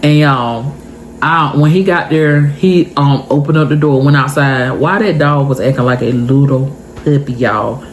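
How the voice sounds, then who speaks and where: A young woman vlogger telling a story to her viewers in a casual, animated and emotional way. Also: rumbling low, unhurried, slight background noise.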